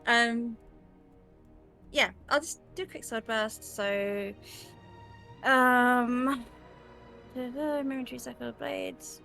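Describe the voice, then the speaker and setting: Give me a chatty woman player in a tabletop game, laughing and swearing casually, with a slightly high voice. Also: steady tone, slow pace, vocal fry, pauses often, sharp tone, faint music behind.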